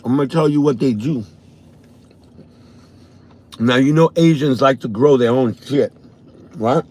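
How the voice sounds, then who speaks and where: A man with a New York accent, a vlogger telling a profane, animated story from his car on a morning drive. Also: mid-range voice, measured pace. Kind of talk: casual storytelling.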